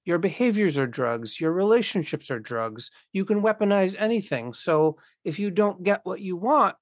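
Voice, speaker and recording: A blunt, profane speaker riffs philosophically in casual conversation, slipping into imagined voices along the way. The voice sits at a middling pitch. The recording is dry and close, with no room sound. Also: lively intonation, moderate pace, no room sound.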